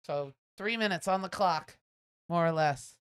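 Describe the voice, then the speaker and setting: A woman with a somewhat low voice co-hosts a casual live stream. She chats freely and reads out viewers' comments as they come in. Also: measured pace, smooth. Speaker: co-host.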